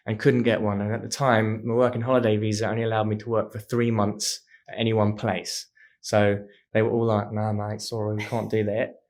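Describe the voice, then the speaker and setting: A man, a podcast guest telling stories in a casual, animated way. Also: on the low side, a little fast. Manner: animated, acts out voices in anecdotes. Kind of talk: casual storytelling chat.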